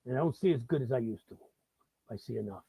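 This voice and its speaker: A man's voice: medium pitch, expressive, fast, creaky, dark tone, slightly rough, no echo. A middle-aged man from the Bronx with a New York accent, hosting a live talk-show monologue, swearing freely and repeating himself in heated bursts. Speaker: host.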